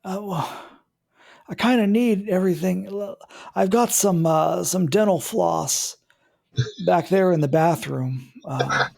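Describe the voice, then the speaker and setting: A man's voice: sits high, slow, creaky, a little mellow, pitched above the performer's own voice, full character voice. A man voicing a fussy old male engineer neighbor who leans on a cane, in a drawling, folksy old-man impression during a tabletop role-play.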